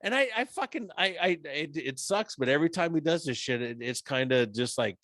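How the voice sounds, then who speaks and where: A man's voice: fairly high pitch, animated, brisk, a bit bright, no room sound, studio quality. A middle-aged man co-hosting a podcast in blunt, profane, casual chat. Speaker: podcast co-host.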